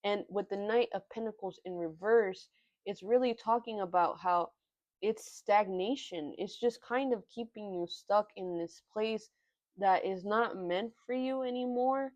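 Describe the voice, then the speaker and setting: A young woman giving a tarot reading in an earnest, halting way, often moved by what she says. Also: mid-range voice, darkish tone, no echo, highs cut off. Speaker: tarot reader. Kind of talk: pick-a-card tarot reading.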